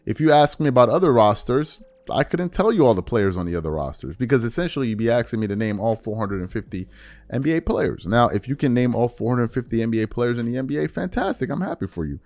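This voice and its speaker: A man's voice: medium pitch, sing-song, fast, darkish tone, no room sound. A man hosting a podcast, giving his opinion in casual talk that rambles with many fillers and repeats. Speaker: podcast host.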